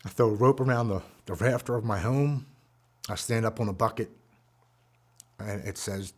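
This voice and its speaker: Guy in his 40s, low voice, telling his own story, earnest and emotional, goes quiet on the hard parts. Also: normal speed, pauses often. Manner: earnest, emotional, drops to a hushed voice at heavy moments. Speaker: guest speaker. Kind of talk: personal recovery storytelling.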